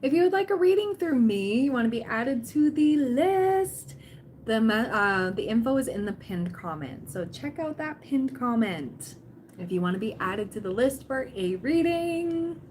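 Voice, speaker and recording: A woman's voice: a little high, sing-song, a little slow, darkish tone, a little hiss or hum. A woman hosting a tarot livestream, chatting casually and cheering on her viewers, often quoting people in playful voices.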